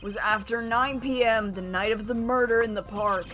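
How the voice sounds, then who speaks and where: A woman's voice: on the high side, fairly even intonation, fairly bright tone, soft background music, natural voice. A woman reading aloud the part of an earnest, nervous young male defense attorney from a game. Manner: reads game dialogue aloud, slow and deliberate.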